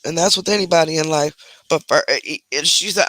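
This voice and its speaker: A man's voice: fairly high pitch, moderate pace, vocal fry, pushed and bright, dry recording. A man giving reaction commentary on a clip, talking in a scornful, sarcastic way.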